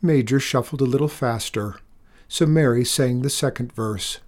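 A man narrating a children's storybook aloud in a gentle, expressive way. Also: mid-range voice, moderate pace.

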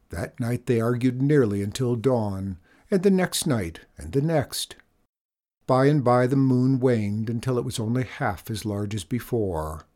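A man narrating a children's storybook in a measured, expressive reading. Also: mid-range voice.

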